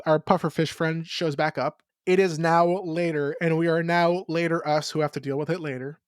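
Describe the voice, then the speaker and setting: A laid-back woman with a low voice co-hosts a cartoon recap podcast, dropping casual swears and deadpan asides. She is recorded close up in a dry room with no echo. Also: moderate pace, clear, resonant tone. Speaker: podcast co-host.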